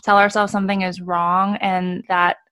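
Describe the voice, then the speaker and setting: Low-voiced woman co-hosting a coaching podcast. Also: moderate pace, no room sound. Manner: explanatory, calm, laughs easily. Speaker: podcast co-host. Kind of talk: casual podcast chat about coaching.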